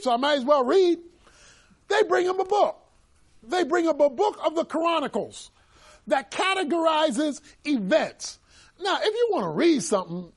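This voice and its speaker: A male pastor preaching a sermon, telling stories animatedly, with bursts of shouting. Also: extremely high pitch.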